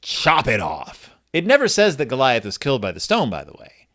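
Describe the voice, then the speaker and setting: Wry self-deprecating man, lively pitch. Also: moderate pace. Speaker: podcast host. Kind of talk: comedic book reading and commentary.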